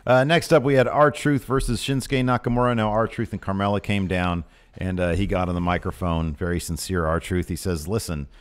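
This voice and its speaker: A man co-hosting a podcast, chatting casually about wrestling and jumping up high when he quotes people. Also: moderate pace, smooth. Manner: animated, jumps up in pitch when quoting people. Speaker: podcast co-host. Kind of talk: casual wrestling recap chat.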